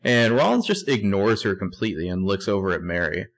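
A man's voice: deep voice, big pitch swings, brisk. A man co-hosting a casual TV recap podcast, narrating scenes bluntly and swearing often. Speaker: podcast co-host.

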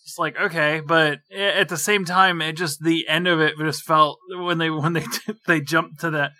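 A man's voice: on the high side, steady tone, normal speed, pushed and bright, no echo. A man appearing as a guest on a podcast, chatting casually about a film, laughing and swearing in disbelief. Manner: incredulous, laughing, swears for emphasis. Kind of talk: casual movie review chat.

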